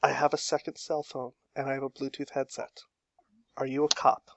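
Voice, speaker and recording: A man voicing a nervous woman hostage who quietly slips a phone to a cop in a tabletop game. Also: mid-range voice, level tone, fairly quick, gravelly, no echo, close to an everyday voice. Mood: hushed. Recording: dull, dry online call audio.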